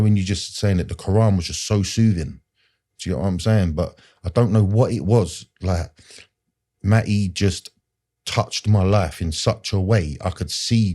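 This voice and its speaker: Deep-voiced man telling his story. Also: dark tone. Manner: earnest, rambling, street slang, frequent fillers. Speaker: podcast guest. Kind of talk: personal story in conversation.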